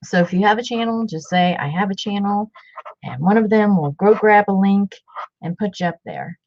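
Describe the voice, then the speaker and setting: A woman hosting a casual craft livestream, chatting warmly and rambling, repeating herself as she works. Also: medium pitch, moderate pace, lo-fi sound.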